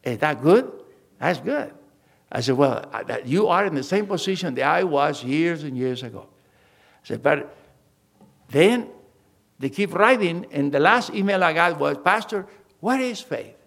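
A pastor preaching a sermon, acting out conversations with emphatic storytelling and phrasing. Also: male voice, a little high, animated, moderate pace, gravelly, pauses often, fairly bright tone.

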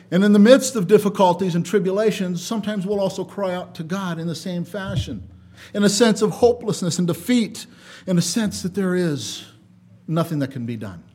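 Male preacher with a high voice, dynamic sermon delivery that swings from loud emphasis to quiet asides, measured when reading scripture. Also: slightly rough. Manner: reads scripture aloud in a measured cadence.

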